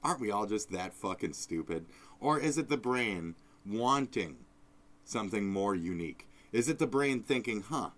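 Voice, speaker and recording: A man hosting a live stream, rambling in a profane, off-the-cuff way, jumping between loud outbursts and low mutters. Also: animated, moderate pace. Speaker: streamer host. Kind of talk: casual live-stream rant.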